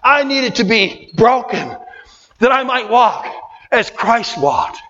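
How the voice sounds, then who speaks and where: Male preacher, high voice, fervent, colloquial, repeats lines, long hall echo, muffled sound. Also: sing-song, takes it slowly. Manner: fervent, repetitive, colloquial preaching with sudden shouts. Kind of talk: sermon.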